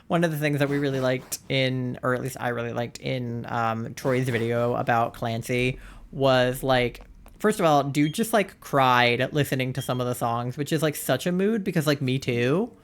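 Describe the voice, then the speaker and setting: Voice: medium pitch, normal speed, a little hiss or hum. A streamer chatting casually and earnestly, rambling and saying "like" constantly. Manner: earnest and gushing. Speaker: livestreamer. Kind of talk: casual chat.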